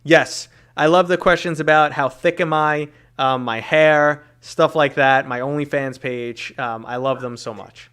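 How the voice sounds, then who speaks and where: A man's voice: on the high side, fairly even intonation, a little slow, few pauses, a bit bright, clear, resonant tone. A man in his thirties with a New York accent, hosting a casual podcast, teasing his guest and reading chat comments aloud. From New York City. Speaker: podcast host and streamer.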